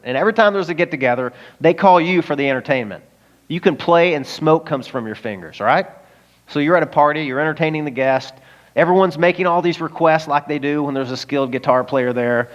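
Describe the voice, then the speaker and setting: A man's voice: on the high side, dull audio. A man preaching a sermon as pastor, talking casually with frequent rhetorical questions to the congregation. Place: church service in a high school auditorium.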